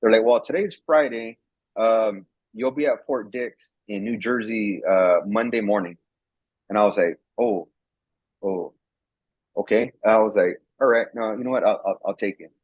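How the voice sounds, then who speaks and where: A man's voice: fairly low pitch, normal speed, breathy edge, no room sound. A man, a former soldier, telling a story in a casual, rambling way and acting out the quoted dialogue, often repeating words. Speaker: guest, former National Guard soldier. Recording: dull lo-fi sound.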